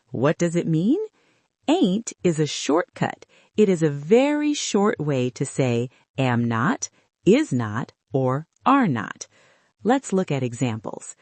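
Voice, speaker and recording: A woman hosting a podcast, giving a scripted English lesson in a careful, upbeat way. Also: no echo. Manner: slow, careful and upbeat, with a very lively pitch. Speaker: English teacher and podcast host.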